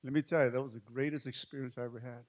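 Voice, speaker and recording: A middle-aged male pastor, telling a story in a sermon, swinging between hushed and loud. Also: mid-range voice, steady tone, rapid-fire.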